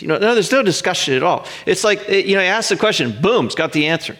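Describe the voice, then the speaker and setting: A middle-aged man pastor preaching a sermon, earnest and emphatic, stretching out pauses to land his points. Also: high-pitched, expressive, fairly bright tone.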